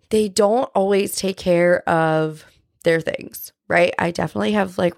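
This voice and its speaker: Woman, podcast host, casual faith talk, earnest and chatty, gravelly fry, dry close sound. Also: lowish voice, no echo. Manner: chatty, peppered with "like" and "right?"; earnest, confessional.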